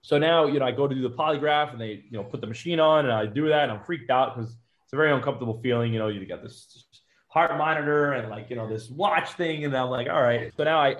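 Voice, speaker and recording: A man's voice: medium pitch, dull audio. A man in his thirties, a police officer, telling a personal story with lots of quoted dialogue. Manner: animated retelling with quoted dialogue.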